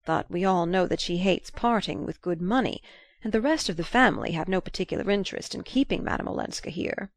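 A woman reading the lines of a sly, insinuating old gentleman in an audiobook, in a knowing, probing way. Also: lowish voice, animated, fairly quick, gravelly, no echo.

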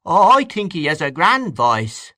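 An excitable young diner, as a male reader puts him on, talks high and sharp, pushing his point. The voice swings widely. It sits close and dry. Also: slow, dry recording, exaggerated voice. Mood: eager. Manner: eager, sharp. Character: excitable young man, blunt and eager.

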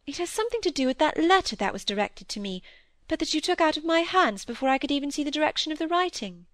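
A woman reading the part of a curious, lively teenage girl who coaxes and pleads with her father. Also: high voice, fast talker, no echo, studio quality. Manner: coaxing, pleading, inquisitive. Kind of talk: audiobook dialogue reading.

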